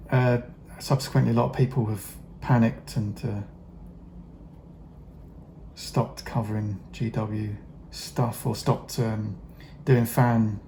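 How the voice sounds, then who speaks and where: A man's voice: medium pitch, a little mellow, a little hiss or hum. A middle-aged man chatting casually while he paints miniatures, rambling with many fillers, wry asides and the odd swear word. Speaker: hobby vlogger painting miniatures.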